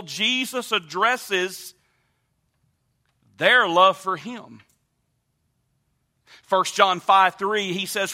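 A pastor preaches with emphasis and repetition, his volume swelling loud and then dropping soft. For a man his voice is high, with a bright, forceful edge.

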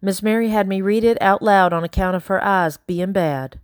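A woman's voice: mid-range voice, moderate pace, clear, resonant tone, no echo, clean studio sound, pitched above the performer's own voice, lightly acted. A woman reading an audiobook, voicing an earnest young girl who stays carefully polite. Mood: insistent. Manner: earnest, pleading, carefully proper. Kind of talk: audiobook character voice.

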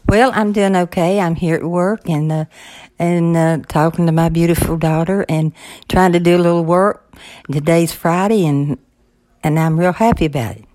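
A woman's voice: fairly low pitch, steady tone, normal speed, darkish tone. Homespun older woman, hesitant speech. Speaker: podcast co-host. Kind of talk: casual chat. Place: office.

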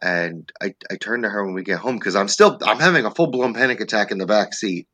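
A man telling a comic story as a podcast guest, acting out his own panic in a lively, animated way. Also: on the low side, fairly quick, no echo. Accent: New Jersey. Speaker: stand-up comedian, guest.

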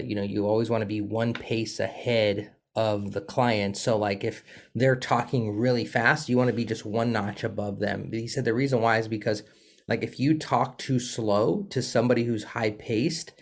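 Affirming man with a low-ish voice. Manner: affirming, enthusiastic. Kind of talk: casual conversation.

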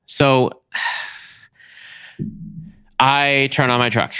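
A man's voice: medium pitch, level tone, very slow, bright, forceful tone, clean tone, no echo, clean studio sound. A young man hosting a podcast, telling a long story in a casual, exasperated way and acting out both sides of each conversation. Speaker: podcast host.

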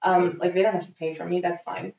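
A young woman tells a story in an easy, chatty way, animated and quick to swear as she plays out each quote. The recording is muffled and roomy. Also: fairly low pitch, creaky. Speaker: guest telling a story. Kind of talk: casual storytelling.

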